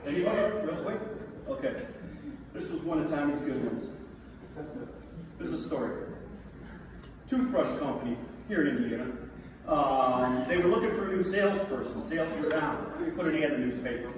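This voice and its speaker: A middle-aged man tells stories about a friend to a gathered crowd, his delivery animated and quick to break into laughter. He sounds like he's some way from the mic, and his voice rings through a large, reverberant hall. A steady background noise sits under the speech. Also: a little high, distant mic.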